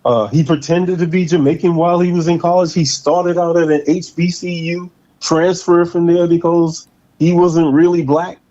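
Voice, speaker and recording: A man hosting a casual political chat show, talking in an animated way and stretching out words for emphasis. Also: a little high. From Boston area. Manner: animated, drawn-out emphatic delivery. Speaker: podcast host. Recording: slightly dull lo-fi sound.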